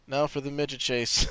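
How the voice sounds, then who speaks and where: A man's voice: mid-range voice, a bit bright, slight background noise. A man streaming a video game, chatting casually and jokingly with his viewers and swearing freely. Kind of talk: casual gameplay commentary.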